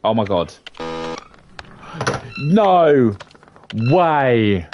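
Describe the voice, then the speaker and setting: British dad narrating his own gameplay, slow and easygoing, voice leaps all over, hums little tunes. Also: sing-song, highs cut off, a little hiss or hum. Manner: chatty, mutters at the game, sing-song hums and sudden high exclamations. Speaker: gamer playing for his sons. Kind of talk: let's-play commentary.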